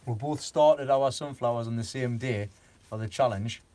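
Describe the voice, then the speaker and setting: A man's voice: mid-range voice, normal speed, darkish tone. A man chatting on a gardening live stream, rambling with lots of fillers and frequent giggles. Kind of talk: casual live stream chat.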